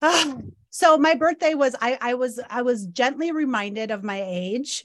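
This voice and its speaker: Podcast co-host, woman, animated storyteller who laughs often, dry close mic. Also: sits high, unhurried, no room sound. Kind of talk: casual chat. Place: Los Angeles area.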